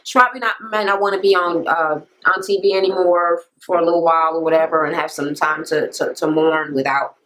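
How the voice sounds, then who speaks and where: A woman vlogger giving a blunt, profane, animated rant while recapping a reality TV episode and acting out what the people said. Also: sits low, brisk, hardly any pauses, slight background noise, poor audio. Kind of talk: casual ranting recap.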